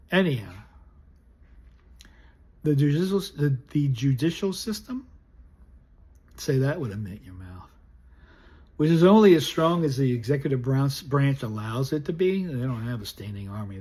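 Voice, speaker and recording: Blunt, indignant and scornful, an American political commentator reads a recorded political essay. His voice is mid-range with a dark tone and a breathy edge.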